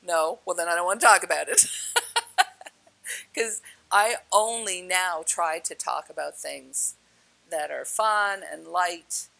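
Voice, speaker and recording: Gravelly, bright-voiced woman telling a story. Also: on the low side, slow, pauses often, poor audio. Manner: animated, laughs often, many fillers. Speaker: spiritual speaker. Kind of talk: storytelling talk to an audience.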